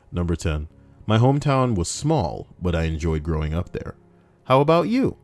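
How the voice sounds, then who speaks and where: Deep-voiced sarcastic young man. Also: darkish tone. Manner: rambling, sarcastic, swears freely. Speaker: YouTuber reading forum posts. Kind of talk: casual reaction commentary.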